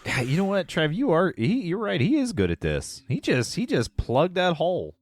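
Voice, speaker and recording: A man's voice: a little high, wildly swooping pitch, moderate pace, dry recording, studio quality. A man co-hosting a podcast, chatting casually and jokingly, rambling with lots of fillers. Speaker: podcast co-host. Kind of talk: casual comedic chat.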